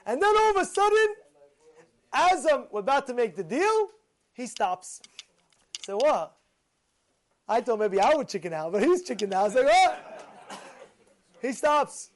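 A man, a rabbi giving a Torah class, telling a story with lively acted-out dialogue, repeated phrases and Hebrew and Yiddish words mixed in. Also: very high voice, moderate pace, pauses often, a little hiss or hum. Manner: animated, acts out quoted dialogue, repeats phrases.

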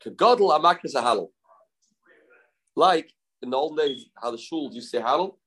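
A man's voice: medium pitch, fairly quick, fairly bright tone, husky. A man teaching a Talmud lesson, chanting quoted verses in a sing-song and asking and answering his own questions. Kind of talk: Talmud lecture.

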